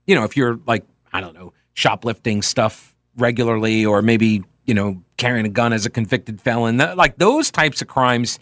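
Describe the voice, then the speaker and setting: This is a male talk radio host speaking from the studio, sardonic and conversational, leaning heavily on fillers. The recording is dry, and his voice is medium-pitched, moderately paced and slightly bright.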